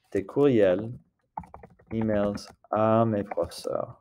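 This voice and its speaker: A man's voice: on the low side, expressive, unhurried, vocal fry, darkish tone, a little hiss or hum. A man teaching a recorded French lesson, explaining step by step and often checking in with the class.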